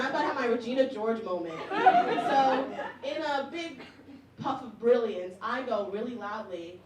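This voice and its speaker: A young woman tells stand-up stories in a chatty, self-mocking way, breaking into laughs. Her high voice rings in an echoey club room. The mic sits at a distance, with a crowd and noise audible behind her. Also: sing-song, moderate pace. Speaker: stand-up comedian. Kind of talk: stand-up comedy set. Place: comedy club stage with audience.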